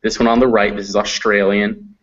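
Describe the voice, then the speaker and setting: Man, American accent, low voice, phonetics lecture, slow demonstrated sounds, muffled lo-fi sound. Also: little pitch movement. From United States. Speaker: phonetics teacher. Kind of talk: classroom lecture. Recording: dull lo-fi classroom recording.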